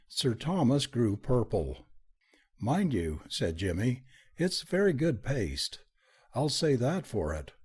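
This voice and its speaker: A man reading a story aloud as an audiobook narrator, giving the dialogue an expressive, lively delivery. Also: mid-range voice, husky. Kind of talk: scripted narration.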